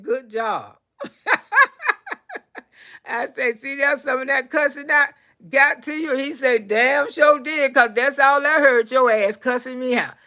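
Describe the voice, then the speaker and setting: A woman telling stories and praying for her live chat, swinging from loud to soft. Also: sits high. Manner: animated storyteller, swings from loud to soft prayer. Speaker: comedian livestream host.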